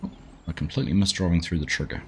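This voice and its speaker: Racing along in a deep voice with fairly even intonation, a middle-aged Australian man hosts a live gaming stream. He chats casually, greets viewers by name, often calls them mate, and there's a little hiss or hum.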